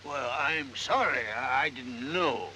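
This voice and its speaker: Crusty, bark-prone old plantation grandpa, high bright voice swinging all over; old family movie. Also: male voice, sing-song, a little slow, slight background noise, full character voice, rough recording. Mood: shaken. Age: older. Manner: gruff, barking. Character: stern hot-tempered old male plantation owner. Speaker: estranged grandfather. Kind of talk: 1930s film acting.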